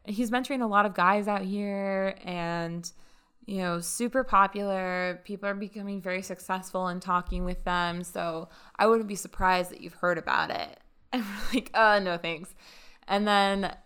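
A woman casually telling a story on a podcast, chatty and animated, acting out what others said. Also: mid-range voice, normal speed, clean tone. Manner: chatty, animated retelling with quoted dialogue. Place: lives in Las Vegas.

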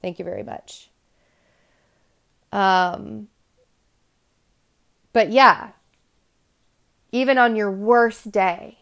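A woman's voice: mid-range voice, animated, slow pace, gravelly, pauses often, fairly bright tone. A woman hosting a podcast, talking to her listeners in a candid, rambling monologue full of asides and restarts. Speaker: podcast host.

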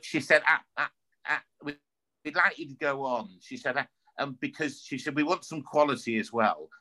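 A middle-aged man with a North London accent talks in a lowish, bright and forceful voice. He chats casually as an interview guest and tells animated stories, doubling back on his words as he goes. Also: husky, low-quality recording. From North London, England. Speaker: opera singer, guest.

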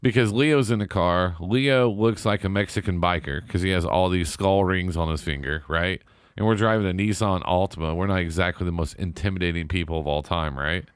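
Low-voiced man telling casual stories. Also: fairly quick, clean tone, no echo. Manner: storytelling, acts out voices of people he quotes. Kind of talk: casual chat.

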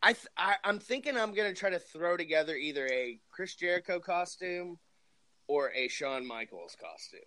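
A man's voice: high voice, very animated, normal speed, bright, forceful tone. A man co-hosting a podcast in casual chat, laid-back, laughing often and saying "like" and "dude" a lot. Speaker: podcast co-host.

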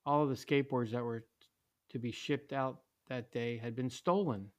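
A man reading a story aloud in a steady, plain way, with small slips. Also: mid-range voice, normal speed. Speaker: narrator.

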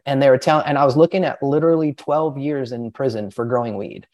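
A man's voice: mid-range voice, fast, a little mellow. A young man telling a long personal story in a casual podcast chat, rambling and profane, with lots of filler words. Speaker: podcast guest.

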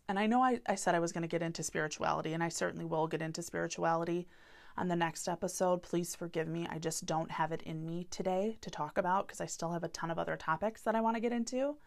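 A woman in her thirties hosts a solo podcast and speaks in a sincere, open-hearted way. Her voice sits a little low for a woman, and she talks candidly about hard feelings. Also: gravelly. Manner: earnest, heartfelt and openly vulnerable. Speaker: podcast host.

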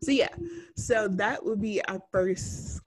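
A woman's voice: medium pitch, slow, slightly rough. A woman co-hosting a casual podcast, chatty and giggly, rambling between topics. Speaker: podcast co-host.

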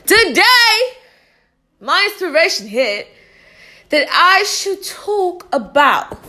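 A woman's voice: extremely high pitch, sing-song, slow, pushed and bright. A young woman hosting a casual solo podcast, candid and profane, laughing often. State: a little out of breath. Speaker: podcast host.

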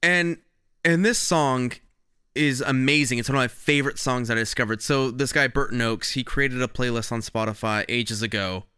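Bright clear guy rambling on a music podcast, into a close mic. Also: mid-range voice, moderate pace, no room sound. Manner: enthusiastic, rambling storytelling. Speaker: podcast co-host. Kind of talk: casual music podcast chat. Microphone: podcast microphone.

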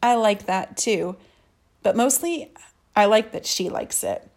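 Soft-spoken woman narrating a story. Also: mid-range voice, very animated, a little slow, vocal fry. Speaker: audiobook narrator. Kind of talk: scripted first-person narration.

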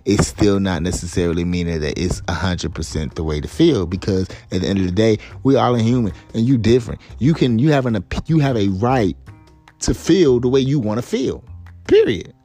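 Deep-voiced, rambling, profane man. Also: fairly quick, dark tone, faint music behind. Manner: rambling, profane, laughs often; stumbles over words. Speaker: podcast host. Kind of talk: casual solo commentary.

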